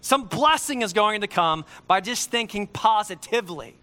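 A man preaching a sermon, emphatic and repeating key lines slowly for effect. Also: sits high, expressive, bright, forceful tone.

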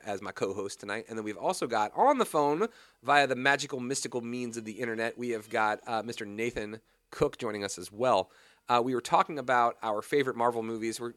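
A young adult man hosting a radio talk show, chatting casually and ranting with growing animation. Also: dry recording. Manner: animated, rants with rising pitch and volume. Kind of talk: casual chat. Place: radio studio.

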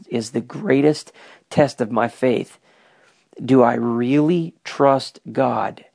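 A man's voice: medium pitch, vocal fry. A man recording a personal spoken journal, talking in an earnest, emotional and soul-searching way. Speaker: father keeping a spoken prayer journal.

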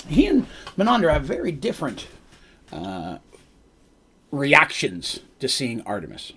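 Husky, lively male game master. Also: medium pitch, a little slow, long pauses. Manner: rambling, with casual asides and self-corrections. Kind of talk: narrating a tabletop game on a live stream.

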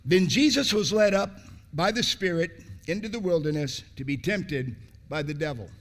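A man preaching a sermon, repeating phrases for emphasis and swinging between loud, raised bursts and low, hushed lines. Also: lively intonation, normal speed.

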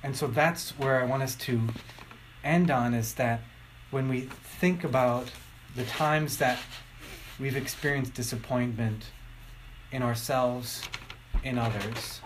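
A middle-aged man preaching a sermon, telling stories and acting out quotes with lively shifts. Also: medium pitch, slow, pauses often, background noise. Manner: animated storytelling, acting out quotes.

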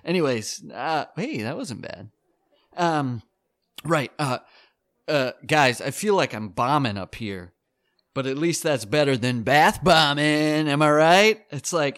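A man's voice: on the high side, expressive, takes it slowly, a bit bright, dry recording, clean studio sound. Hesitant, rambling stand-up comic man. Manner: hesitant, rambling, lots of fillers and nervous laughs. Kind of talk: awkward stand-up set.

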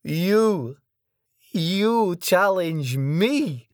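A man voicing a huge, brash Mongolian enforcer who speaks slow, broken English with a mocking edge. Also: sits high, animated, dry recording, studio quality, voice pushed up, full character voice.

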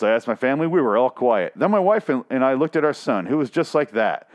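Comedic male reader, mid-pitched, sarcastic, swears constantly, trips over lines while ranting. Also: sing-song, a little fast, few pauses. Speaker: comedic commentator reading an article aloud. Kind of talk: profane comedic reading and commentary.

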